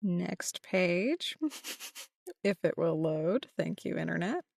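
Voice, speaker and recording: A woman's voice: on the low side, animated, takes it slowly, vocal fry, a little mellow, no echo, clean studio sound. A woman guest voice actress on a podcast, recapping a comic chapter in casual chat and reading out character lines. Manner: reads out character lines with small acted voices.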